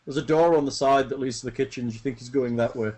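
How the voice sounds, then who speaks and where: A man running a tabletop game as game master, narrating in a casual, quick way with asides. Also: mid-range voice, steady tone, darkish tone.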